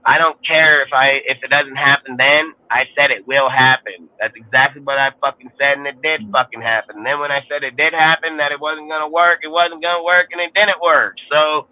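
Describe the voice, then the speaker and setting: A man's voice: mid-range voice, fairly even intonation, normal speed, few pauses. Heated, cursing man on a tinny line. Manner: profane, heated, rambling. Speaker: sports podcast host. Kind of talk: ranting casual talk. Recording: tinny phone-like sound.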